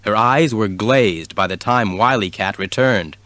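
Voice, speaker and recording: A man's voice: lowish voice, measured pace, few pauses, fairly bright tone, no echo. A man reading a children's storybook aloud as narrator. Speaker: audiobook reader.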